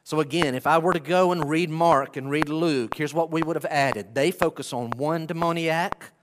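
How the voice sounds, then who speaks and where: A man preaching an expository sermon as a pastor, reading scripture with animated emphasis. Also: on the high side, moderate pace. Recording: echoey hall with clear background noise.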